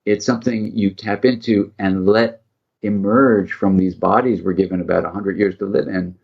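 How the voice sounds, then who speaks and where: A man's voice: on the low side, steady tone, moderate pace, gravelly, muffled recording. A middle-aged man, a psychiatrist guest in an interview, speaking in an earnest, reflective way and acting out quoted dialogue as he tells a story.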